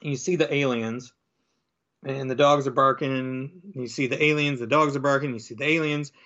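A man chatting casually as he recaps a comic book, rambling with lots of fillers and slipping into quick character voices. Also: mid-range voice, steady tone, a bit bright, lo-fi sound. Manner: rambling, filler-heavy, acts out quoted lines in different voices.

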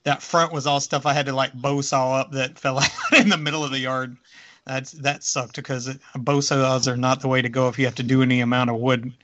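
A man with a bright, forceful voice chats casually on a podcast, telling a rambling story full of pauses and fillers. The sound comes through a video call and is a little dull and lo-fi. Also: medium pitch, little pitch movement. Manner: rambling, hesitant with many fillers. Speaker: podcast co-host. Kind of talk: casual chat. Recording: slightly dull lo-fi audio.

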